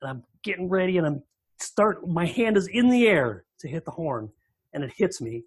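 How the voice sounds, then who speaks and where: Husky-voiced man telling a story. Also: sits high, moderate pace, dry recording. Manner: lively, full of restarts and repeated words. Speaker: guest in recovery. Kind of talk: animated personal storytelling.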